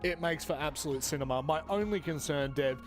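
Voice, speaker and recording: Man, high voice, esports desk host, energetic, joking around, faint music behind. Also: a little fast. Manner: energetic, jokey. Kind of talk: excited live esports desk talk.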